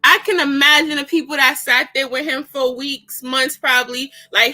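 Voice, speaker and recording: A woman's voice: sits high, steady tone, moderate pace, hardly any pauses, pushed and bright. A woman casually reviewing a political debate on her own show, slangy and exclaiming, often breaking into laughter. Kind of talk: casual commentary.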